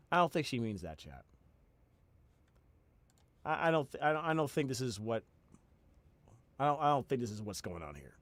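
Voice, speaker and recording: A man's voice: on the high side, no echo. A man reacting to a video in casual commentary, incredulous and stammering, often laughing.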